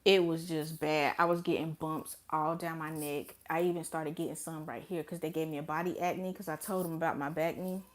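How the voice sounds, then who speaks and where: A young woman talks straight to her vlog audience in a loose, blunt, profane way. She acts out what she said to others with sudden jumps in her voice. Her voice sits a bit low for a woman. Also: a little fast, hardly any pauses. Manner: animated, blunt and profane, with dramatic quoted asides. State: pregnant. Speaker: vlogger. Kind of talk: casual storytime vlog.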